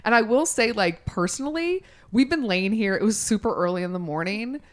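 A woman co-hosting a casual chat, telling stories in an animated way. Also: mid-range voice, brisk. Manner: chatty, animated storytelling. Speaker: podcast co-host.

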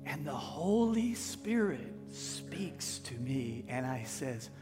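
A pastor telling a story in a folksy, animated sermon style, acting out what people said. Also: male voice, medium pitch, takes it slowly. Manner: folksy, animated, acts out quotes. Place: church sanctuary. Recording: long church hall reverb with faint music.

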